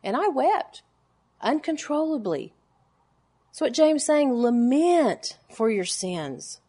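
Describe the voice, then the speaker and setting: A woman in her forties preaching a sermon to a gathering of women, pressing her points with emphatic, repeated words and then dropping to hushed, low lines. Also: sing-song, slow pace, slightly rough. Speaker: women's Bible teacher.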